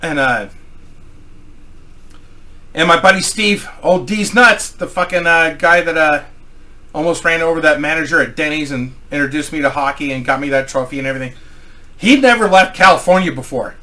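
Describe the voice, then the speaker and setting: A man's voice: a little high, fairly even intonation, moderate pace, bright, forceful tone. A man from Missouri telling a rambling, profanity-filled anecdote in a casual style. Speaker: storyteller.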